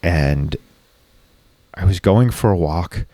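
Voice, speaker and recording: Male guest, low register, confessional and profane, dry close-miked sound. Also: slow, mellow, dry recording. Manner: raw, reflective, frequently profane. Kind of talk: candid personal storytelling in conversation.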